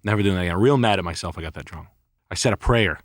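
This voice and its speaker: A man's voice: sits low, racing, no echo, studio quality. A man telling a rambling, profane story in a casual podcast chat. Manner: rambling and profane, heavy swearing. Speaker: podcast co-host.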